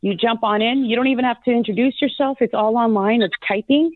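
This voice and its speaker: A woman's voice: fairly high pitch, a little fast, no room sound. A woman reading as a psychic guest, chatting casually and effusively on a call-in radio show. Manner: chatty, effusive, lots of "like" and "you know". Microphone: phone call-in. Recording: tinny phone line.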